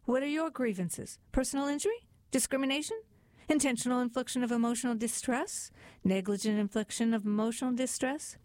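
A woman voicing a smooth, scheming male fox lawyer in a storybook, with slick sales patter. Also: on the high side, a little fast, a little mellow, dry recording, voice pushed up, close to an everyday voice.

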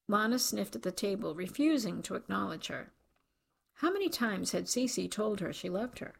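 A woman narrates a novel in an even, measured way. Her mid-range voice carries a noticeable creaky, gravelly grain. The reading is steady and unhurried. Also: medium pitch. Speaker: audiobook narrator. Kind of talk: scripted narration.

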